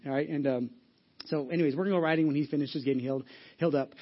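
Storytelling pastor, slightly high voice. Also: male voice, fairly even intonation, quick pace, muffled recording. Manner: storytelling, casual, many restarts and asides. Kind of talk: sermon. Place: church.

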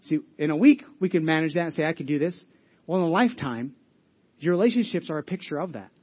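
A man with a high voice preaches a conversational sermon, earnest and direct. He restarts and repeats phrases as he goes and keeps asking the congregation questions. The recording sounds dull and lo-fi. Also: animated, fast talker, slightly rough. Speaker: pastor.

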